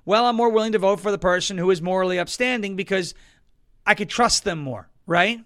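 A man from Long Island, New York, hosting a political talk show with wisecracking, sarcastic commentary and bursts of loud emphasis. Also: high-pitched, brisk. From Suffolk County, New York, US.

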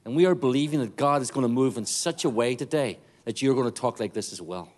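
A man's voice: medium pitch, fast talker, darkish tone. A middle-aged man with a Northern Irish accent, a guest missionary preaching a joking, fervent sermon to a church congregation. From Northern Ireland. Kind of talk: sermon with jokes.

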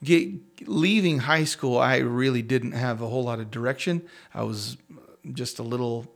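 A pastor with a mid-range voice tells a personal story in a casual interview. He speaks in halting bursts, restarting often and chuckling at himself.

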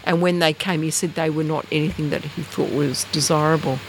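Animated woman telling stories. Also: fairly quick, slight background noise, rough recording. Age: middle-aged. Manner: animated, jumps high in pitch for quoted voices. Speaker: guest storyteller. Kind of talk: casual outdoor chat. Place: outdoors at night in bush.

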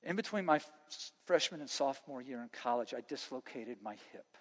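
A man preaching a sermon to students as their pastor, impassioned, swinging between loud preaching and quiet earnest talk. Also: mid-range voice, expressive, a little fast, in a large hall. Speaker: youth pastor.

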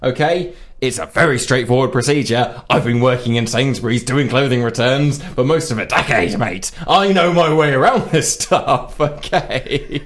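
A man hosting a podcast, telling an indignant comic story, often laughing and mimicking people in high voices. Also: normal speed, hardly any pauses. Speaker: podcast co-host.

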